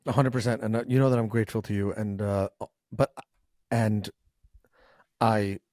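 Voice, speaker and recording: A man's voice: on the low side, steady tone, normal speed, darkish tone, dry recording, studio quality. A man hosting a podcast, chatting casually and agreeing with his guest. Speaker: podcast host. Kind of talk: casual chat.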